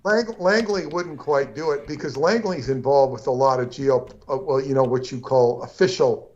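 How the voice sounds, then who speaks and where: A man's voice: medium pitch, normal speed, a little mellow, highs cut off, slight background noise. A man co-hosting a casual livestream conversation, rambling along with frequent restarts and asides. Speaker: co-host.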